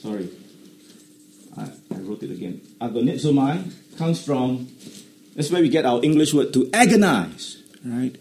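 A man preaching a sermon, explaining Greek words and rising to animated emphasis. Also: medium pitch, normal speed, slight background noise. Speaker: pastor.

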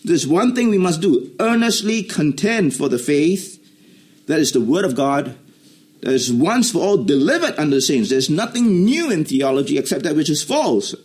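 A man preaching a sermon, explaining Greek words and rising to animated emphasis. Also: a little high, normal speed. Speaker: pastor.

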